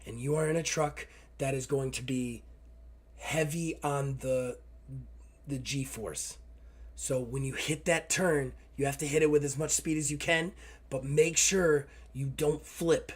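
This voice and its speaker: A man voicing a usually wishy-washy man who is steeling himself, coaching a driver in an earnest, steady way. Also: a little high, a little slow, husky.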